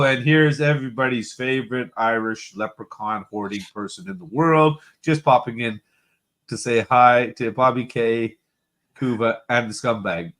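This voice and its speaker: With a mid-range, slightly bright voice, a man hosts a casual football livestream, reading viewer comments aloud and trading banter with his co-hosts.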